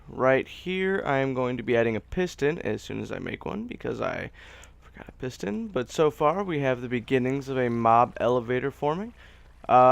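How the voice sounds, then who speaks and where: A man talks through his gameplay in a relaxed, rambling way, often laughing at his own mistakes. His voice has a gravelly edge but stays crisp and clear, and the sound is dry and close. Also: medium pitch, no room sound. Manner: chatty, rambling, self-deprecating. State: hiccups. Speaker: let's play host. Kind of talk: casual gameplay commentary.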